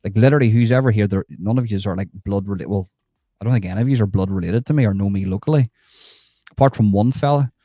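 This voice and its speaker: A middle-aged man rants on a live stream, swearing freely and retelling bits of conversation. His voice sits fairly low and sounds warm and relaxed, and the sound is dry and close with no room echo. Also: quick pace. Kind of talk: rambling live-stream rant.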